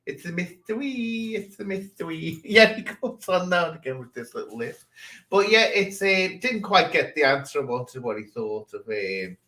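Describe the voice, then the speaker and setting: A man's voice: medium pitch, very animated, moderate pace, pushed and bright, poor audio. Teasing man hosting a livestream chat. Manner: sarcastic, teasing. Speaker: livestream host.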